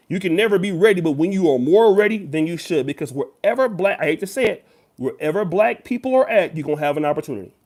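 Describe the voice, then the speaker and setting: A man's voice: high voice, a little mellow. A man giving emphatic direct-to-camera commentary as a YouTuber, lecturing the viewer. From United States.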